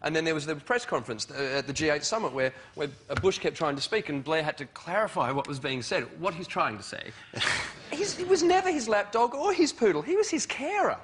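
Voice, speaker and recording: A comedian on a panel show telling a chatty anecdote with polite quoted voices. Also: male voice, on the high side, lively intonation, brisk, a bit bright, a little hiss or hum. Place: TV studio with a live audience.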